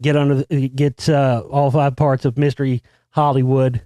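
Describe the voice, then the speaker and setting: A man's voice: little pitch movement, normal speed, no room sound, clean studio sound. A man hosting a show, telling a crude, boastful party story full of swearing and acting out the people in it. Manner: crude, swaggering, heavy swearing; acts out quotes with sudden loud high outbursts. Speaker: show host. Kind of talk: profane storytelling monologue.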